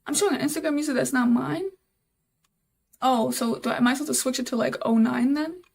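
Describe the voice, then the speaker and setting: A woman's voice: high voice, fairly quick, gravelly, darkish tone, slightly rough. A young woman live-streaming while she codes, thinking aloud, repeating herself, and talking to her chat in casual, easily exasperated chatter.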